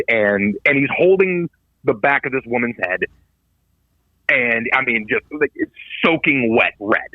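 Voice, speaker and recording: A podcast co-host in his thirties spins a rambling, profane anecdote with a swooping, expressive delivery, slipping into the voices of everyone he quotes. The sound is dull and lo-fi. The room is dead dry. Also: mid-range voice, unhurried, long pauses, no echo. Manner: animated storyteller, swears a lot, acts out quoted voices. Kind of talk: casual chat.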